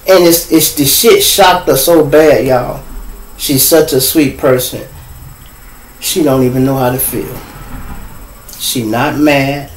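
A man's voice: on the high side, reverberant, poor audio. A middle-aged man from Chicago with a Chicago accent, ranting bluntly and profanely to his viewers as host of a casual live stream.

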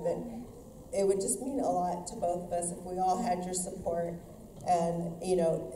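A low-voiced woman boxer speaks at a weigh-in, choked up and halting. She stumbles over fillers as she goes. The sound is distant and echoey, with background noise. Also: dark tone. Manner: halting, with many fillers and restarts. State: choked up, tearful. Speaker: professional boxer. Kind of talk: emotional weigh-in speech. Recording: echoey hall, far mic, background noise.

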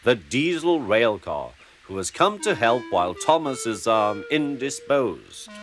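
A man's voice: medium pitch, very animated, unhurried. A man voicing a pompous, stout male railway boss who speaks in a formal, stately manner, with music underneath.

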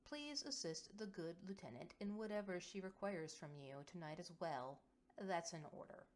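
A woman doing a rumbling fatherly general. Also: moderate pace, close to an everyday voice. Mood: warm commanding. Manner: rumbling, steady and reassuring. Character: kindly male general, fatherly and commanding.

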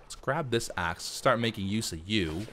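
A man talking his way through a survival game, chatty and playful, narrating each move and joking to himself. His pitch swings widely from line to line, rising and falling as he reacts. It is casual gameplay commentary, loose and unscripted. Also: expressive, moderate pace, pushed and bright, a little hiss or hum. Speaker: let's play host.

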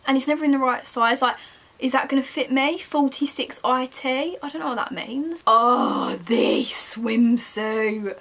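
A woman's voice: a little high, a bit bright. A young woman, chatting casually to herself and her viewers while browsing online shops, self-mocking and talkative. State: chilly, wrapped in a jacket. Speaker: vlogger. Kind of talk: casual shopping vlog chat.

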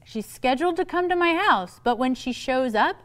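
Middle-aged woman speaker on parenting, playful and quick, fairly high voice. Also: expressive, a bit bright. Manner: playful, quick asides, acts out quoted voices. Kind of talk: lively talk to a live audience.

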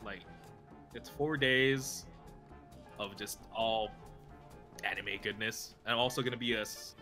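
A man co-hosting a casual podcast, excitable and animated. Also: fairly low pitch, unhurried, soft background music. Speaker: podcast co-host. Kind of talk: casual chat.

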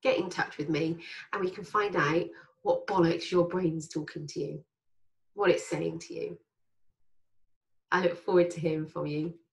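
A woman's voice: lowish voice, steady tone, normal speed, gravelly, pauses often. A woman life coach giving a frank, emphatic motivational talk, with casual swearing. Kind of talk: motivational monologue.

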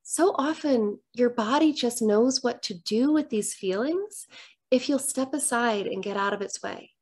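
A middle-aged woman speaks straight to the camera in an earnest, reflective way, her voice sitting a little high. She comes across as a coach sharing a personal moment, unhurried and gentle. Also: slightly rough. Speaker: divorce coach. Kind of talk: candid talk to camera. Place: home room with books.

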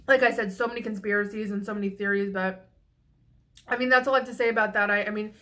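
Bright-voiced young woman venting profanely. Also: medium pitch, steady tone, quick pace. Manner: frank and profane, rambling with restarts. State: slightly tipsy. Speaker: vlogger. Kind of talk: casual venting monologue.

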